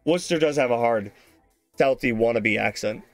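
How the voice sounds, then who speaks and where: A man's voice: mid-range voice, normal speed, no echo, soft background music. Teasing man in gaming banter. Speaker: streamer's friend. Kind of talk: casual gaming chat.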